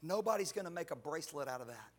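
A male guest pastor preaching a sermon in church, animated and joking, with casual slang. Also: a little high, fast. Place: church sanctuary.

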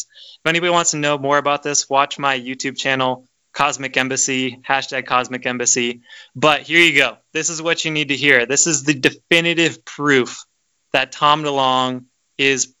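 A man hosting a casual podcast chat, talking in an excitable, emphatic way and often repeating his words. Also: mid-range voice, clear, resonant tone. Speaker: podcast host. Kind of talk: casual conspiracy chat, reading aloud.

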